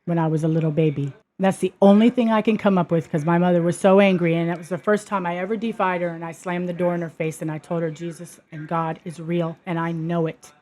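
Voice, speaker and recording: A woman with a mellow, fairly low voice talks fast, barely pausing. Hosting her own podcast, she delivers a personal testimony monologue that moves from earnest to emphatic and heated.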